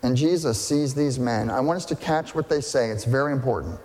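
A man's voice: mid-range voice, expressive, a little fast, a little mellow, big-room sound. A male pastor preaching a sermon in a conversational, emphatic way, asking rhetorical questions.

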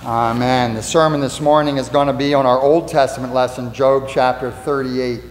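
A pastor giving a conversational sermon in a church, asking rhetorical questions and repeating lines for emphasis. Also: male voice, mid-range voice, fairly even intonation, moderate pace. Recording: echoey hall with mains hum.

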